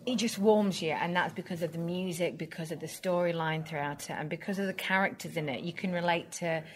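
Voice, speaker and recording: A woman's voice: lowish voice, fairly even intonation, fairly quick. A woman from the north of England, a musical theatre actress, chatting and laughing in an interview. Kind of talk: casual interview chat.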